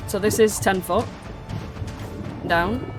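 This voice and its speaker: A woman's voice: mid-range voice, slow pace, over music. A woman running a tabletop game as the dungeon master, chatty and loose, stopping to work out numbers aloud.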